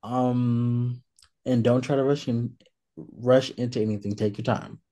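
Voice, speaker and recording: A man co-hosting a podcast in casual chat, relaxed and hesitant, with frequent ums between points. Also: mid-range voice, unhurried. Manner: relaxed, hesitant with many fillers. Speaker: podcast co-host.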